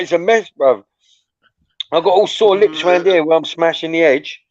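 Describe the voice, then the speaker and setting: A man's voice: fairly high pitch, a little fast, dry recording, lo-fi sound. A man with an English accent in laid-back, sweary casual chat, stoned. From England. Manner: laid-back, swears a lot, laughs often.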